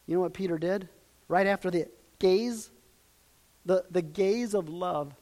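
Speaking unhurriedly in a high voice, a preacher moves from quiet, hushed stretches to loud, emphatic peaks in his sermon. He dramatizes quoted lines and directs questions at the congregation.

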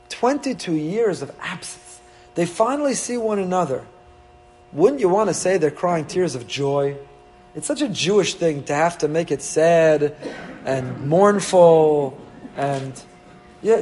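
A man's voice: high-pitched, darkish tone, husky. A man, a rabbi giving an emphatic Torah sermon, full of rhetorical questions and rising with feeling.

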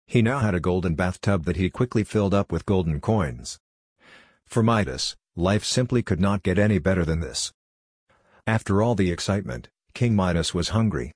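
A man's voice: low voice, a little mellow, breathy edge, no echo, clean studio sound. A man narrating a scripted storybook in a plain, lightly humorous way.

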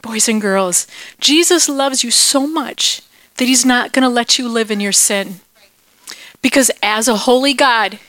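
A woman teaching a Bible lesson to children. She is playful and animated and asks the kids questions. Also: a little high, no room sound.

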